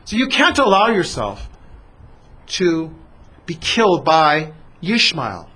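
A man voicing a scheming male army general who talks in an urgent, coaxing, husky way. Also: on the high side, huge pitch swings, slow, sharp tone, exaggerated voice. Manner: urgent, then sly and coaxing.

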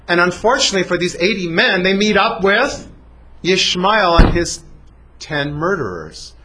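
A man retells a biblical story with lively swings in pitch and casual asides. His voice is husky and forceful and sits somewhat high for a man. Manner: animated, conversational asides. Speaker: storyteller teacher.

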